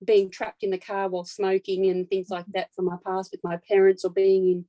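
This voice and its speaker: A woman's voice: mid-range voice, flat delivery, fairly quick, warm tone, no room sound, muffled recording. A woman taking part in an online workshop over a video call, talking in a thoughtful, hesitant way with restarts. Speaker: workshop participant. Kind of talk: casual chat.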